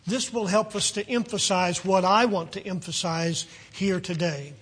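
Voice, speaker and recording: A man preaching a sermon, reading scripture aloud slowly and deliberately and rising loudly on key phrases. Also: high voice, fairly even intonation, slightly rough.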